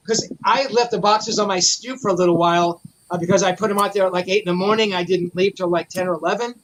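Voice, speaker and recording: A man telling a long, profane, animated story in a casual chat. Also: high-pitched, fast, a little hiss or hum, poor audio. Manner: profane, animated anecdote teller. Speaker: memorabilia collector guest.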